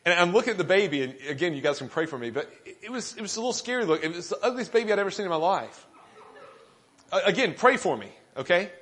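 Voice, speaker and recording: A male pastor preaching with a slightly higher-than-average voice. He tells a funny story with self-deprecating humor and acts out the other people's lines with animation. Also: big pitch swings, quick pace, a bit bright. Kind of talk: sermon.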